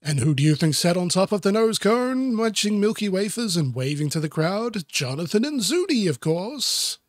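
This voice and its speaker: A man with a fairly high voice reads a children's picture book aloud and breaks off for deadpan, sarcastic asides aimed at himself. The recording is close and dry, with no room sound. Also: moderate pace, no echo. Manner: deadpan, self-mocking asides. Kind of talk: sarcastic comedic book reading.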